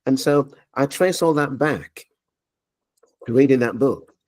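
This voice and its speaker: Speaking at a measured pace in a mid-range voice, this man from Leeds, England, is a media coach recounting his story during an interview. He's an animated storyteller who performs the dialogue he quotes.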